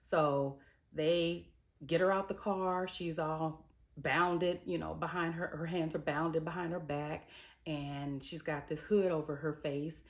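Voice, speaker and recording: A woman host giving a casual, slangy recap of a TV episode, telling it like a story and acting out the characters' lines. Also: low-pitched. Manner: lively storytelling, slipping into characters' voices; colloquial, slangy. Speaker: TV reviewer and host.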